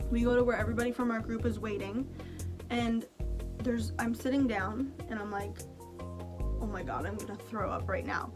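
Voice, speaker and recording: A young woman vlogging, telling a story to camera in a chatty, animated way, laughing often and saying "like" a lot. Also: fairly high pitch.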